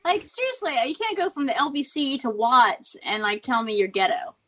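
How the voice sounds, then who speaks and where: Casting: talkative Southern Californian woman, forties, slightly high voice, light hiss on a home video-call line. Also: sing-song, normal speed. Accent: Southern Californian American. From Long Beach, California. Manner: chatty, laughing often, frank. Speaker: guest actress. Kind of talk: casual chat. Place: home, with children nearby.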